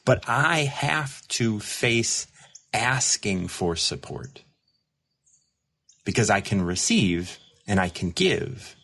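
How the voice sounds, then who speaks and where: A man's voice: fairly low pitch, very animated, slow, gravelly, a bit bright, husky. A man hosting a recovery show, talking in a rambling, reflective way with many fillers and restarts, now and then reading viewer comments aloud. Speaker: recovery mentor and show host. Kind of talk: casual livestream monologue.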